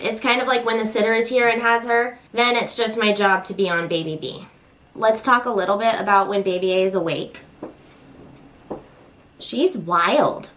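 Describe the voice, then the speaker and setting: A young woman vlogging as a mom, chatting casually and venting with exasperation, popping into high squeals when she acts out voices. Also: fairly bright tone.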